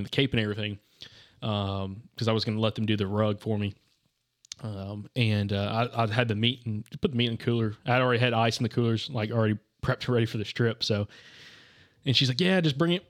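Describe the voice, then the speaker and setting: A young man hosting a podcast, telling a hunting story in loose, rambling casual chat full of "dude" and "like.". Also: medium pitch. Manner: rambling, says "dude" and "like" constantly.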